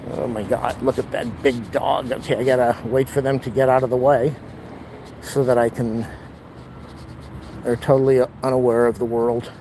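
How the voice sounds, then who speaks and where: A man's voice: medium pitch, level tone, normal speed, dark tone, a little hiss or hum, rough recording. A man talking in a rambling, wry and blunt way while walking outdoors, speaking to a handheld camera. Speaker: vlogger. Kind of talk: casual walking vlog monologue. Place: outdoors on city streets and lawns. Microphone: camera held while walking.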